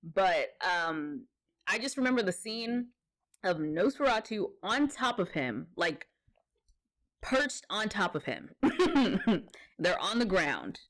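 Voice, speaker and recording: A woman's voice: medium pitch, big pitch swings, takes it slowly, fairly bright tone. A woman co-hosting a podcast, chatting casually about a movie, laughing often and mimicking characters as she retells scenes. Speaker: podcast co-host. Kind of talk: casual movie review chat.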